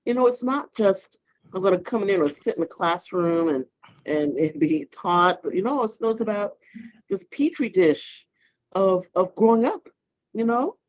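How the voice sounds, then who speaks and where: A man's voice: high-pitched, lively intonation, no echo. Reflective man on a lo-fi mic. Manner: reflective, halting, many "you know"s. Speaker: podcast co-host. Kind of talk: casual panel chat. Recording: dull lo-fi sound.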